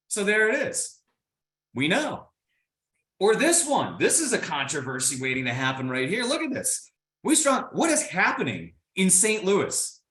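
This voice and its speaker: Animated man giving a motivational keynote. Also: fairly high pitch, reverberant. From Indiana, United States. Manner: animated, playful, addresses the audience directly. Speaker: keynote speaker.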